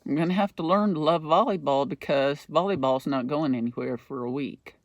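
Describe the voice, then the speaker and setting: A man's voice: on the high side, fairly quick. A middle-aged man hosting a podcast, telling a rambling story in a casual, profane monologue. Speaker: podcast host.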